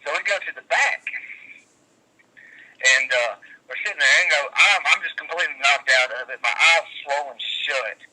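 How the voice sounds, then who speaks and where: A man's voice: a little high, normal speed, rough recording. A man, a wrestler guest telling rambling, profane stories in a casual interview. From West Virginia. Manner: profane, rambling, animated storyteller.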